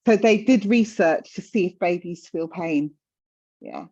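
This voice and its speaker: A woman's voice: lowish voice, lively intonation, unhurried, warm tone, dull audio. A woman in her fifties talking candidly in conversation, passionate and emphatic, often repeating words for stress. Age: 50s.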